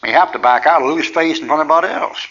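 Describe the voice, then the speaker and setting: A man's voice: fairly high pitch, rapid-fire, a bit bright, dull audio. A man preaching in a folksy, rambling way, teaching through anecdotes and chuckling often.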